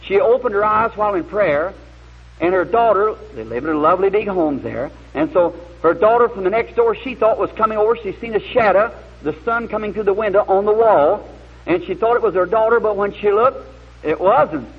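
A man's voice: high voice, a little fast, breathy edge. A man preaching a sermon, telling a story in a folksy, plain-spoken way and building to earnest emphasis. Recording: muffled lo-fi old recording.

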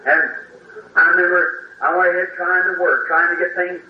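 A man preaches a heartfelt sermon testimony in plain country speech, his voice pitched a little high. He sits back from the microphone in a hall that echoes around him, and the old recording sounds dull. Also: little pitch movement, normal speed, distant mic, slight background noise. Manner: emotional folksy storytelling, plain country grammar.

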